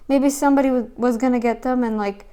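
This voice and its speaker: A woman giving casual reaction commentary, rambling and turning loud and scolding when annoyed. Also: high-pitched, smooth.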